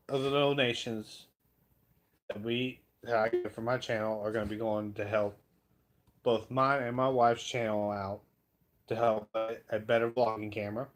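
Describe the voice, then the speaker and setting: A man chats on his own live stream in a relaxed, folksy ramble. He takes his time over every phrase, in an average-pitched voice. His talk stays loose and conversational, as if thinking aloud. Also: a little slow, long pauses. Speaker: livestream host. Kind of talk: casual live-stream chat.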